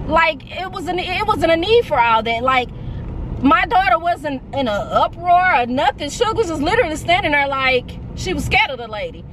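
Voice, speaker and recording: A woman in her early forties telling a casual storytime vlog, candid and animated, quick to vent. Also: high-pitched, slight background noise. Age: 40s. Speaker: vlogger.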